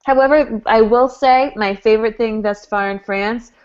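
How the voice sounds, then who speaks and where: Woman, podcast co-host, animated, explanatory, fairly high pitch, dull lo-fi call audio. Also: normal speed. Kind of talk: casual chat.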